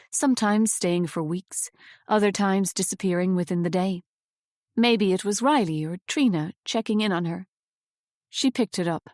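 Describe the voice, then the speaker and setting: A woman reading a novel aloud as an audiobook narrator, in a measured, even storytelling manner on a close studio mic. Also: mid-range voice, no room sound.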